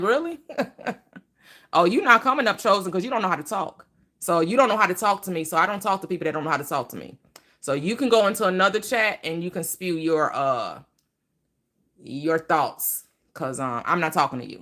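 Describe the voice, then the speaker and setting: Woman streamer, bright-toned, blunt, laughs often, casual. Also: medium pitch. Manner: blunt, laughing, talks back to chat. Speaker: live stream host. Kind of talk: casual live chat.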